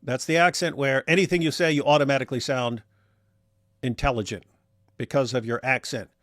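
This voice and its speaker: A man co-hosts a casual livestream, reading viewer super chats aloud and commenting wryly in a rambling way full of restarts. His mid-range voice is steady and fairly bright, moving a little fast. The sound is clean studio quality with no room sound.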